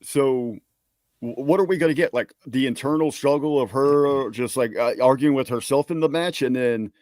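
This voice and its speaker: A man's voice: medium pitch, moderate pace, a little mellow, no echo, clean studio sound. A man co-hosting a casual podcast who asks easygoing, joking questions. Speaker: podcast co-host. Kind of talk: casual chat.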